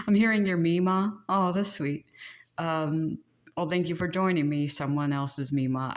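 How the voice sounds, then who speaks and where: A woman with a low voice talks through a tarot reading. Her delivery is casual and animated, with frequent laughs and asides to the viewer. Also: gravelly. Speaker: tarot reader.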